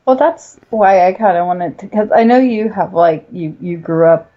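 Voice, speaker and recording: A woman's voice: medium pitch, normal speed, highs cut off. A woman co-hosting a podcast, talking conversationally as she steers the discussion with questions. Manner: conversational, prompting questions and steady back-channeling. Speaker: podcast co-host. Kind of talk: casual chat.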